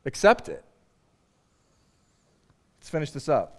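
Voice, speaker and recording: Middle-aged male pastor, slightly high voice, chatty sermon delivery with strong swings in volume. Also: huge pitch swings, slow. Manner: conversational, swings from quiet to loud and emphatic.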